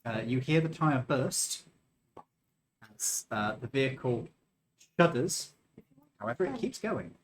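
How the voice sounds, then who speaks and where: A man's voice: mid-range voice, big pitch swings, a little slow, pauses often. A man narrating as game master of a live-streamed tabletop game, explaining rolls and describing actions.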